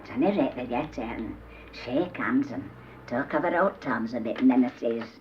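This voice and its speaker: An older woman with a Yorkshire accent telling humorous dialect stories, acting out the characters' voices with lively shifts. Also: a bass voice, normal speed, slight background noise. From Yorkshire, England. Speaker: dialect storyteller. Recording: roomy, dull old cassette tape.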